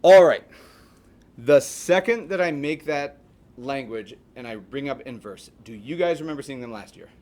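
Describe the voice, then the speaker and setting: A man's voice: medium pitch, normal speed, a little mellow. A man teaching a math class in a classroom, chatty and joking, asking his students questions as he lectures.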